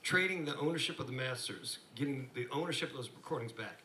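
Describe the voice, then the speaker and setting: A man's voice: medium pitch, lively intonation, fast talker, pushed and bright. A man interviewing, adding brief follow-up remarks. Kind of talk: interview questions. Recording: roomy and distant, faint noise.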